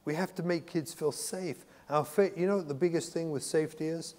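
A man's voice: a little high, a little fast, a little mellow. Earnest man lecturing in a reverberant hall. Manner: earnest, emphatic, repeats key phrases. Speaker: psychotherapist and speaker. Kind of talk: lecture to a religious audience.

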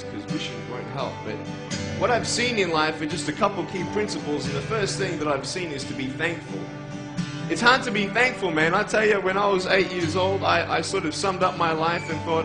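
An earnest young man delivers a motivational speech, pressing his points home with rhetorical questions. His voice sits somewhat high for a man. Clear background music plays under his words. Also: expressive, moderate pace, poor audio. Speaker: motivational speaker.

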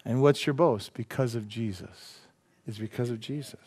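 A male pastor preaching a sermon in a church, rising to loud emphatic peaks and dropping to quiet, earnest lines. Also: mid-range voice, normal speed, slightly rough. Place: church sanctuary.

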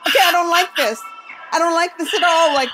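A woman's voice: very high-pitched, a little fast, bright, forceful tone, slight background noise, poor audio. A middle-aged woman, the host's mother, talking casually but nervous and anxious, repeating herself. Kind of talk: casual chat.

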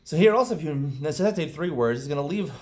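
A man teaching a Talmud lesson, explaining quickly and lifting into a chanting lilt on quoted Aramaic, with frequent restarts. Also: fairly high pitch, expressive, darkish tone. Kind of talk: daf yomi study lesson.

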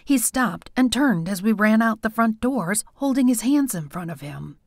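Expressive woman narrating an audiobook. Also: on the high side, moderate pace, dry recording, clean studio sound. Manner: expressive, animated reading. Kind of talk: first-person audiobook narration.

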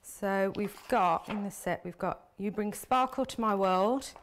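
A woman's voice: mid-range voice, unhurried, a little hiss or hum. A woman demonstrating card making on a live stream, chatting as she works with her hands. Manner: chatty, talks while working with hands. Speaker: craft demonstrator.

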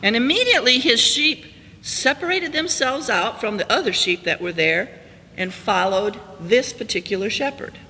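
A male pastor preaching a storytelling sermon, climbing high and loud for emphasis and then dropping soft and slow. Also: lively intonation. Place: church sanctuary. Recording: church hall reverb, faint hiss.

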